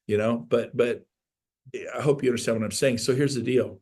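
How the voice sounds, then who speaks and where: Emphatic motivational coach, male, fifties, mid-pitched voice, preachy delivery with repeated punchlines. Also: quick pace. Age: 50s. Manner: emphatic, preachy, with repetitions and acted-out quotes. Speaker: real estate coach. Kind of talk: motivational talk on a video call.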